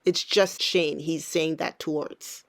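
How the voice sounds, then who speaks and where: A woman narrating her reaction to video clips in a sarcastic, teasing manner. She speaks slowly and drags out her jabs. Her voice is close and dry, with no room sound at all. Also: sits low, fairly even intonation, vocal fry, fairly bright tone, no room sound. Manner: snarky, teasing. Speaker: commentator.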